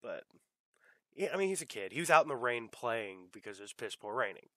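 A man's voice: medium pitch, animated, fairly quick, pushed and bright, no echo. A young man hosting a casual podcast chat, rambling with fillers and the odd swear word. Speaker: podcast host.

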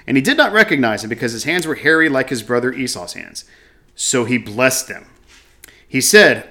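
A man's voice: mid-range voice, lively intonation, normal speed, bright, forceful tone. A man teaching from a scripture passage, reading verses aloud and then commenting on them with casual restarts and asides. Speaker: Bible teacher.

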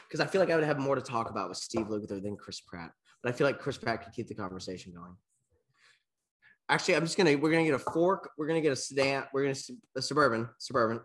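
Young man, casual podcast co-host, rambling talk, mid-pitched voice, gets choked up. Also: fairly bright tone. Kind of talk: casual chat.

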